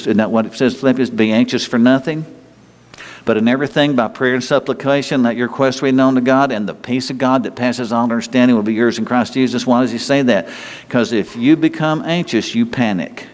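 Animated preacher man in a reverberant hall. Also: medium pitch. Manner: animated, conversational preaching with frequent restarts and asides. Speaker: pastor. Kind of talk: sermon. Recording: long reverb of a large hall.

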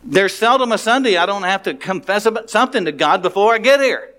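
A man's voice: sits high, animated, fast, fairly bright tone. A man, a pastor, preaching a sermon in a conversational, frank way, often restarting his sentences.

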